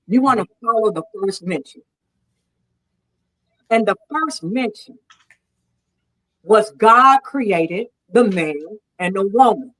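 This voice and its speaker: A woman's voice: medium pitch, fairly bright tone, rough recording. A woman in a heated debate, arguing in a combative, preachy way and leaning on scripture. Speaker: debate guest.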